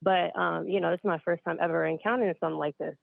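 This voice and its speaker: A woman's voice: fairly low pitch, fairly even intonation, racing, gravelly, no echo. A woman in her late twenties from upstate New York, a caller telling a spooky story in a chatty way, a bit out of breath. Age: late 20s. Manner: chatty, addresses listeners as you guys. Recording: dry tinny phone line.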